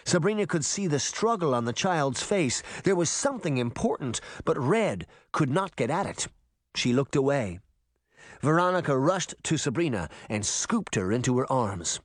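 A man narrating a storybook aloud in an expressive, storytelling manner. His pitch rises and falls in an animated way. The recording is dry and close, with no room sound. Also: moderate pace, dry recording. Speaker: audiobook narrator. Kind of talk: audiobook narration.

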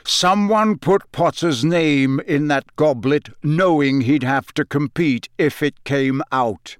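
A man reading an audiobook, voicing a gruff, growling old wizard who speaks slow and heavy. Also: fairly high pitch, no echo, clean studio sound.

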